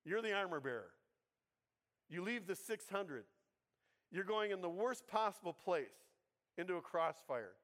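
A pastor with a somewhat high voice preaches in a relaxed, chatty way. He keeps checking in with the congregation and slips in playful jokes as he goes. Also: unhurried, pauses often. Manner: conversational, keeps asking the congregation "right?"; humorous, playful asides. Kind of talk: sermon.

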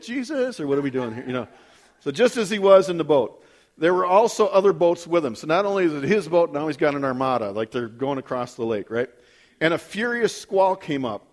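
A man with a fairly high voice reads scripture to a group, then breaks off into relaxed, chatty commentary. He keeps checking in with the room and jumps up in pitch whenever he acts out a quote. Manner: casual asides with frequent "right?". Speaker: Bible study leader. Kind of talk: Bible reading with commentary.

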